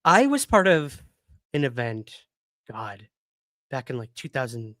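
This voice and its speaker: A chatty male host runs a casual livestream, speaking in a medium-pitched, slightly bright voice with big pitch swings, unhurried and pausing often. The sound is dry with no echo, and he rambles with lots of fillers and laughs while hiccuping.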